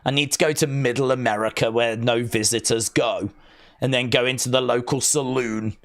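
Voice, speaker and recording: A man's voice: mid-range voice, fairly even intonation, moderate pace, fairly bright tone. An English man with an English accent, hosting a wrestling watch-along live stream and chatting casually in a rambling, joking way. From England.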